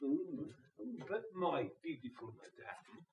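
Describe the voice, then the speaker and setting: A man acting a cheeky servant who plays a pompous gentleman, chortling and mock-grand, in a stage comedy. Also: a little high, expressive, slow, a crowd in the background. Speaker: amateur stage actor. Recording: roomy stage sound from far off.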